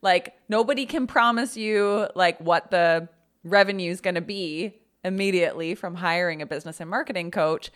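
A woman's voice: on the low side, normal speed, fairly bright tone. A woman who works as a business and marketing coach, chatting casually on a podcast in an upbeat way and often saying "like".

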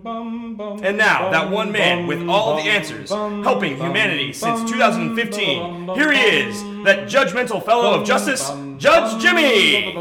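A man co-hosting a comedy podcast, reading a mock-dramatic announcer intro and throwing in deadpan quips. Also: high-pitched, unhurried. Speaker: co-host. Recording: roomy recording over loud music.

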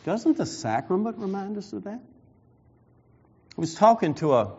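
A man preaching a sermon, reading scripture and slowing down to stress key phrases. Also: sits high, very animated, a little mellow, husky. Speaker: pastor. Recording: dull lo-fi sound.

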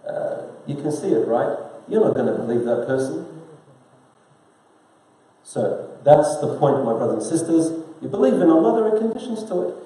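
A man delivers a sermon in an easy, conversational tone, asking his listeners questions along the way. His voice is dark and mellow. It rings out through a very reverberant room. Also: fairly high pitch, animated, moderate pace. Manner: conversational preaching with rhetorical questions to the congregation; quotes scripture in Arabic then explains it in English. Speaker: preacher. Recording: very echoey room.

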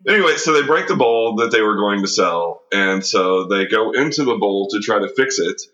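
A man's voice: fairly low pitch, animated, moderate pace, sharp tone. A man co-hosting a casual film podcast, enthusiastic and laughing often. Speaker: podcast co-host. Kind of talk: casual film discussion chat. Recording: dull lo-fi sound.

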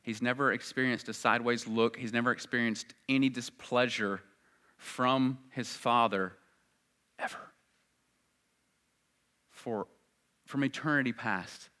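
A male preacher delivering a sermon with a bright, forceful tone. He speaks earnestly, and his voice rises loud and high when he stresses a point. His pitch sits in an average range for a man. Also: steady tone, a little slow, long pauses. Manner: earnest, swells loud and high at emphatic moments.

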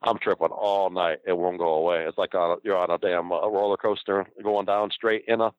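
Ex-wrestler man, low voice, swears and laughs through a story; dry, dull lo-fi sound. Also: steady tone, a little fast, clear, resonant tone, no echo. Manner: laughs often, swears freely. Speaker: former pro wrestler, guest. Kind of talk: casual storytelling.

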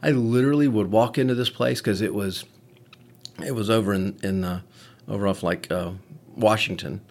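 A man's voice: fairly low pitch, moderate pace, a little mellow. A man, a medic and podcast host, telling a candid story in casual conversation with frequent swearing.

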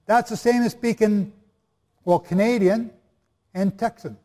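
A man's voice: high-pitched, steady tone, a little slow, warm tone. A man preaching and teaching the Bible to a live audience, chatty and jokey, often quizzing the listeners. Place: hall before a live audience. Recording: long reverb of a large hall.

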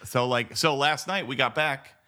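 A man's voice: mid-range voice, normal speed, sharp tone. A man co-hosting a movie podcast in casual chat, enthusiastic and rambling, full of "like" and restarts. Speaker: podcast co-host.

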